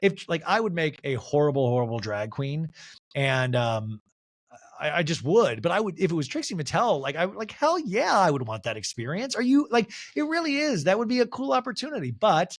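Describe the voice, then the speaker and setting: A man's voice: on the high side, fairly quick. A man hosting a solo podcast, recapping a reality show and acting out the quotes in mimicking voices. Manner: animated, mimics cast members' voices. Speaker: podcast host.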